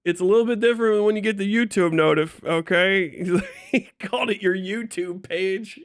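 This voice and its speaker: At a moderate pace and in a high-pitched voice, a Kentucky live streamer spins an animated tale full of cursing and regular laughs. The audio has no echo and is studio quality.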